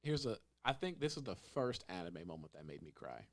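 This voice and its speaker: Young male podcast host, low voice, animated storyteller who acts out lines. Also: fairly quick. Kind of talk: casual chat.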